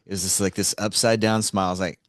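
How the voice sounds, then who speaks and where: A man's voice: low voice, flat delivery, quick pace, no echo. A man co-hosting a podcast in casual chat, wry and analytical with a dry sense of humor. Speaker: podcast co-host.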